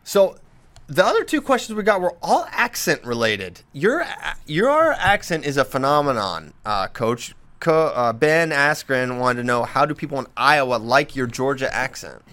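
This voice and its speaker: A man's voice: medium pitch, very animated, normal speed, fairly bright tone. A man hosting a casual podcast, reading listener questions and teasing his co-host with frequent laughs. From Southern US.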